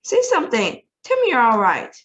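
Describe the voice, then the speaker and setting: A woman's voice: fairly high pitch, moderate pace, recorded from a distance, muffled recording, pitched above the performer's own voice, close to an everyday voice. A woman reading a storybook aloud and voicing a frantic, worried mother who wails and pleads. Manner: wailing, anxious, loud.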